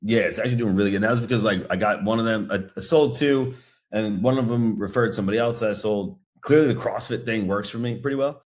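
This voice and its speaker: A man on a video call, talking in a casual, upbeat way and swearing loosely as he updates his coach. His voice sits on the low side and stays relaxed. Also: quick pace. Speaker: coaching client.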